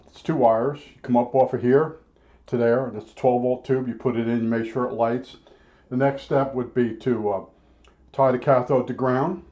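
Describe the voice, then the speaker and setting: A middle-aged man in casual rambling talk, halting with many fillers and restarts. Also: medium pitch, a little mellow. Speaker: hobbyist vlogger. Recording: dull lo-fi sound.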